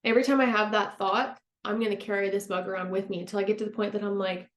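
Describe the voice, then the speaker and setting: A woman's voice: medium pitch, fairly even intonation, fast, few pauses. Encouraging woman podcast host, roomy sound. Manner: gentle, encouraging, laughs easily. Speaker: podcast host and former counselor. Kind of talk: self-help podcast monologue. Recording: roomy echo.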